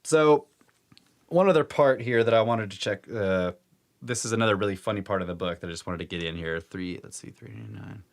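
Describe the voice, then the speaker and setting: A man's voice: a little fast, gravelly. A man co-hosting a podcast, casually retelling a book's story with lots of fillers and acted-out quotes. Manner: animated retelling, acts out quotes with pitch jumps, laughs often. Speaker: podcast co-host retelling a book.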